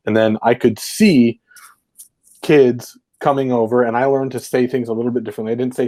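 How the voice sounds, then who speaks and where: A man's voice: on the low side, steady tone, a little fast, dark tone. A man co-hosting a podcast, reflectively recounting his football coaching days in a rambling, casual way full of fillers. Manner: rambling, reflective, heavy use of fillers like "like" and "right". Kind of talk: casual storytelling conversation.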